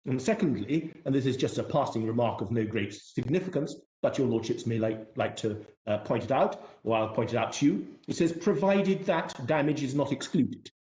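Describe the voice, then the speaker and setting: Formal barrister addressing a courtroom. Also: male voice, mid-range voice, lively intonation, dark tone, roomy sound. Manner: formal, measured, self-deprecating, courteous. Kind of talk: courtroom legal submission.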